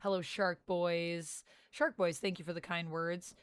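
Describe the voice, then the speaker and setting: A woman's voice: on the low side, flat delivery, unhurried, smooth, no echo. A young adult woman from Canada chatting casually on a livestream and greeting her viewers by name. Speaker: streamer.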